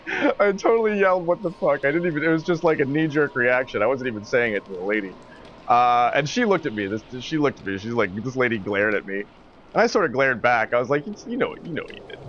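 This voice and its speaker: A man's voice: on the high side, fairly bright tone. A man casually telling a story to a live stream chat at home, rambling, swearing often and laughing as he goes. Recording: dull lo-fi stream audio with faint noise.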